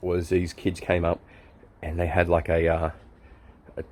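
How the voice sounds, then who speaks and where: Low-voiced Australian man telling a rambling yarn. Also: completely flat delivery, measured pace, a little mellow. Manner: chuckling, loose storyteller with many fillers. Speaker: friend giving a birthday message. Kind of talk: rambling anecdote.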